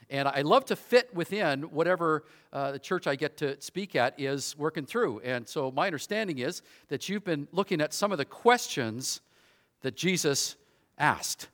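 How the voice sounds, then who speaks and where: A man's voice: a little high, animated, moderate pace, fairly bright tone. A middle-aged man preaching as a guest speaker, talking in a loose, conversational way with frequent restarts and fillers. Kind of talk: sermon.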